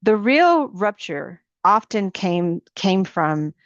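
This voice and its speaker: A middle-aged woman ministry coach giving an informal sermon to women, animated and building through repeated questions. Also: medium pitch, slow, dry recording, highs cut off.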